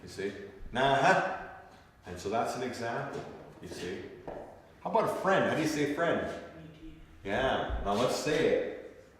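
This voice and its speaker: A man's voice: mid-range voice, very animated, moderate pace, pauses often, slight background noise. A man teaching a language class, explaining syllables and sounds and checking in often with the students. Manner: checks in often with "okay?" and "you see?". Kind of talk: classroom lesson. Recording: echoey classroom from far off.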